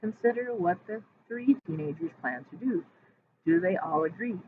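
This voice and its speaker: A woman's voice: on the high side, very animated, normal speed, vocal fry. A woman Spanish teacher reading her lesson slides aloud, explaining grammar step by step and spelling words out letter by letter. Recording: tinny phone-like audio with faint hiss.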